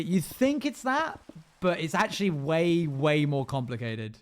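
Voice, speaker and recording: A man's voice: on the high side, expressive, unhurried. A young man live-streaming a game, chatting casually with his viewers in a rambling, self-amused way.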